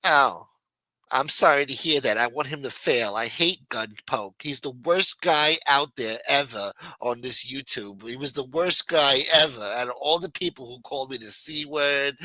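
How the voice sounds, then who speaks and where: A man voicing an indignant mob boss in a comedic phone skit, shouting and profane. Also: medium pitch, no echo, poor audio. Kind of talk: comedic prank-call skit.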